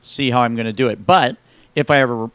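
A man's voice: mid-range voice, brisk, fairly bright tone, smooth, no echo. A middle-aged man hosting a recovery radio talk show, telling stories casually and acting out both sides of conversations.

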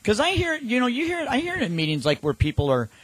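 A man's voice: very high-pitched, wildly swooping pitch, quick pace, a bit bright, slight background noise, poor audio. A man co-hosting a casual talk show, telling rambling anecdotes and acting out quotes. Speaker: podcast co-host. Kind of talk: casual chat.

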